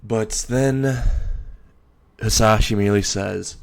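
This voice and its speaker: A young man narrating an improvised story in a loose, halting way with frequent restarts. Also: fairly low pitch.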